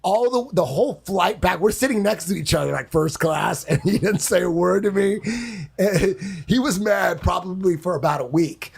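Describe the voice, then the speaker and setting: A man casually telling an animated, profane story on a podcast, acting out voices and sounds. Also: sits high, normal speed, creaky, breathy edge. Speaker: guest storyteller.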